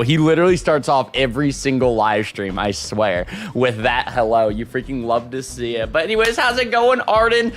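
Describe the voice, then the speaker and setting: A man live-streaming, chatting casually with his viewers and reading out super chats, excitable and quick to laugh. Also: on the high side. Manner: excitable, laughs often, loud shout-outs.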